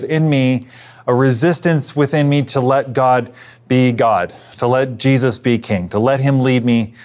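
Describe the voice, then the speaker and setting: A man preaching a sermon as pastor, in an earnest, conversational way, often restarting phrases and dropping to a near whisper at times. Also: medium pitch. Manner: earnest, conversational, with frequent restarts and hushed asides.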